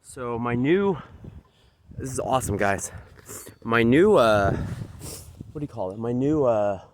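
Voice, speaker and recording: Strolling outside with his phone on a selfie stick, a man records a casual vlog, panting, bragging loudly and cursing. His mid-range voice is lively in intonation and unhurried, with a slight hiss or hum in the audio.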